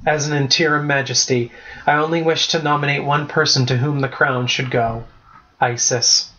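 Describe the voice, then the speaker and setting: A man's voice: fairly high pitch, fairly even intonation, moderate pace, pushed and bright. A man reading as a solemn young heroine. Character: young woman, resolute reluctant victor. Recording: slightly dull lo-fi recording.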